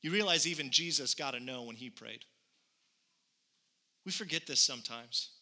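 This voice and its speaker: A man's voice: mid-range voice, normal speed, sharp tone. A man in his thirties preaching a sermon, telling a personal story earnestly and building to conviction. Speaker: pastor.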